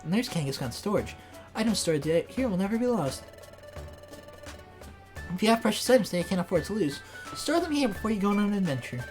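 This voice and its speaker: A woman's voice: medium pitch, brisk, long pauses, soft background music, natural voice. A woman voicing an eager, humble young male beaver Pokémon with a put-on folksy Southern drawl. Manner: folksy Southern drawl, excitable, says 'by golly'.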